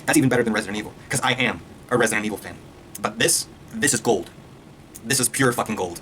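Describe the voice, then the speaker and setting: A man reviewing a trailer in a casual, excitable rant, swearing freely and firing off points at speed. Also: mid-range voice, a little hiss or hum. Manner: excitable, profane, rapid-fire ranting. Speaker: video reviewer.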